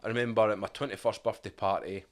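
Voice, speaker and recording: Scottish man, low voice, candid storytelling. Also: fairly even intonation, fast talker. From Scotland. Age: 30s. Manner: candid, reflective, quotes his past self and family. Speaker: podcast guest. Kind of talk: casual storytelling interview.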